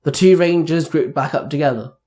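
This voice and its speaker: A man's voice: on the high side, brisk, a little mellow. A man narrating an amateur action story, reading fight scenes steadily.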